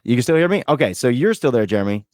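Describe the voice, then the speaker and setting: A man from Vermont with a Vermont accent, hosting a podcast interview over a video call in a loud, boisterous, joking way, swearing freely. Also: mid-range voice, very animated, rapid-fire, dry recording, studio quality. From Vermont, USA. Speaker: podcast host. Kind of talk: casual interview chat.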